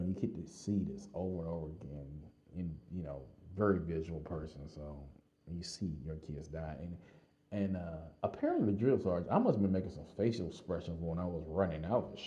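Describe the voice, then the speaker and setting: A man with a very deep voice tells a story from his own life as a casual vlog. He talks in an animated way, laughs often and leans on fillers. The sound is dull and slightly lo-fi. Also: moderate pace. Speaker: vlogger telling a personal story.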